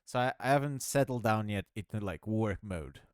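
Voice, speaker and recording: A game developer with a lowish, darkish voice talks at a moderate pace while working on his game. It's casual, rambling devlog commentary, self-mocking and full of laughs, recorded in studio quality with no echo.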